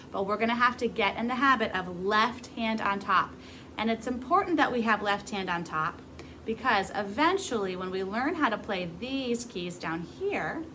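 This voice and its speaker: A woman's voice: on the high side, bright, forceful tone, slight background noise, poor audio. A grown woman teaching a beginner music class to camera, patient and encouraging as she demonstrates. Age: adult.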